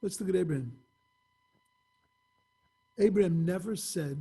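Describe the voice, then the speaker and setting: A man's voice: high voice, expressive, measured pace, gravelly, pauses often, mellow, slightly rough. A man teaching an informal Torah class over a video call, telling stories with acted-out dialogue in a conversational way.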